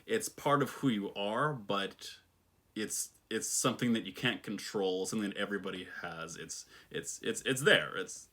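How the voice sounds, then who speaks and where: A man's voice: lowish voice, moderate pace, bright, forceful tone. A man telling a story from his own life in a thoughtful, reflective way, with the odd wry aside. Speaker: personal storyteller. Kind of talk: reflective personal storytelling monologue.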